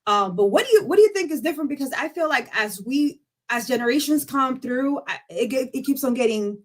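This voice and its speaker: A woman's voice: high-pitched, animated, a little fast. A woman co-hosting a talk show who asks questions while searching for her words, with many fillers and hedges. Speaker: podcast co-host. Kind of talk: casual discussion.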